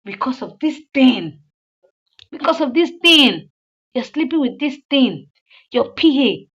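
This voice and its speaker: A woman voicing a furious betrayed wife who scolds her cheating husband in a high, loud, shrill voice. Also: sing-song, slow pace, lo-fi sound, heavily acted. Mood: scornful.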